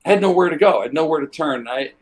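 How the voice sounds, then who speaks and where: An older man with a husky, breathy voice tells rambling stories as an interview guest. He talks in a loose, relaxed way and slips into the voices of the people in his tales. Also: fairly high pitch, fast. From United States. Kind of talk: relaxed anecdotal storytelling.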